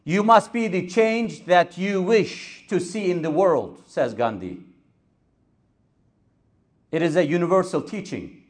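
A man's voice: high-pitched, lively intonation. Emphatic man preaching a sermon. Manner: measured, emphatic repetition. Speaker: imam. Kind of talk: Friday sermon. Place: mosque.

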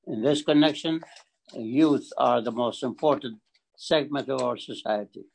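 Halting older man with a gravelly voice. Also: mid-range voice, poor audio. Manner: halting, repeats words, emphatic. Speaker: community forum speaker. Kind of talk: speech at a community forum.

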